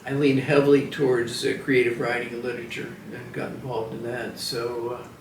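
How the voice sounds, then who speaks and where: This oral history interview features a seventies-aged veteran from Washington, DC, whose reflective, hesitant speech is full of fillers and restarts. He talks fairly quickly in a level, mid-range voice. The distant mic picks up roomy sound and a little hiss or hum.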